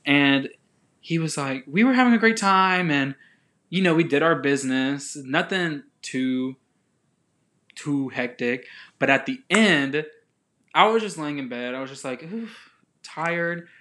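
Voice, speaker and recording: A young man from the southern United States, chatting casually as a podcast co-host and telling an animated, rambling story with laughs. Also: on the high side, unhurried.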